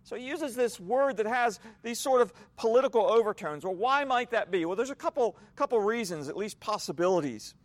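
A man preaching an evening sermon, explaining a passage in a measured, teacherly way. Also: sits high, expressive, no room sound. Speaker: pastor. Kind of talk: expository sermon.

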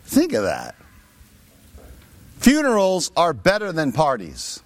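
A man's voice: on the high side, wildly swooping pitch, slow, no echo. A man preaching a sermon, with rhetorical asides to his listeners. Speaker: pastor.

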